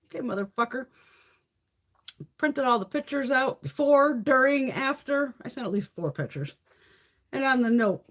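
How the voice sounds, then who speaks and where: A woman's voice: high-pitched, lively intonation, moderate pace, pauses often. A woman hosting a beauty livestream, telling stories in blunt, profane casual chat with snarky asides.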